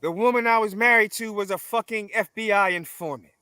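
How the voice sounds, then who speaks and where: Interview guest, male, high and bright, forceful and profane, builds phrases like a preacher. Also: brisk, clear, resonant tone, no room sound, soft background music. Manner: forceful, emphatic, preaching cadence with repeated phrases; profane, blunt. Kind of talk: confrontational conversational interview.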